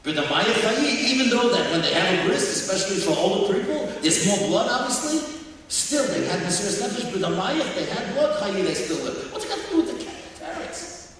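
High-voiced guy giving a sermon, lively then near whisper, heard from far in a boomy hall w faint hiss. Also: fairly quick. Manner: animated, drops to near whisper at emotional points. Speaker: speaker at a religious talk. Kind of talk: storytelling sermon. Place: large hall with audience.

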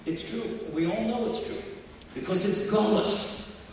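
High-voiced guy giving a sermon, lively then near whisper, heard from far in a boomy hall w faint hiss. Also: measured pace. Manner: animated, drops to near whisper at emotional points. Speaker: speaker at a religious talk. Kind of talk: storytelling sermon. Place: large hall with audience.

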